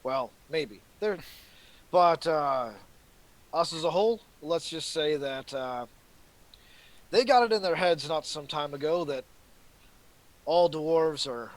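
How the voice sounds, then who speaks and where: A man playing a dwarf character in a tabletop game, speaking in character with a halting, gruff manner. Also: fairly high pitch. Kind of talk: in-character roleplay and table chat.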